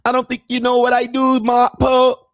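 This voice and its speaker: A man putting on a high, wheedling young Thai bar girl in a mock Thai accent, speaking broken English and tacking "sir" onto every line. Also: monotone, normal speed, no echo, clean studio sound. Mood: protesting innocence. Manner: sing-song, wheedling, keeps adding "sir" and "Po". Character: pleading young Thai bar girl woman, sweet-talking.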